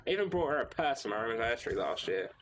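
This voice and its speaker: A man's voice: mid-range voice, big pitch swings, racing, background noise, natural voice. A man voicing a despairing, angry office worker who rants and curses bitterly in a horror visual novel. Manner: bitter, cursing, ranting.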